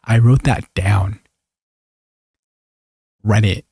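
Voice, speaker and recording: A young man recapping a reality TV show in a sarcastic, gossipy, animated manner. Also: lowish voice, extremely slow, slightly rough, dry recording. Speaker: video creator.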